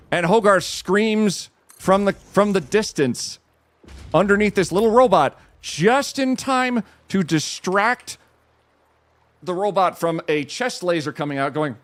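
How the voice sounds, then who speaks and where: A man streaming from home, retelling a film with excitement, restarting sentences and leaping up in pitch at the dramatic moments. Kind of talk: animated storytelling while gaming.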